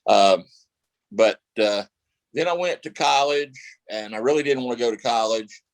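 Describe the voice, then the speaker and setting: A man's voice: medium pitch, moderate pace, dry recording, rough recording. Rambling man telling stories, dry sound. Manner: rambling, many fillers and restarts. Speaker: actor guest. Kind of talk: casual interview storytelling.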